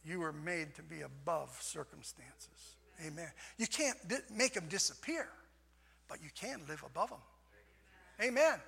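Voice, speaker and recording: An older man preaching a sermon in a folksy way, repeating "amen" and swinging from soft passages to shouts. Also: a little high, animated, a little slow, gravelly. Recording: long hall reverb.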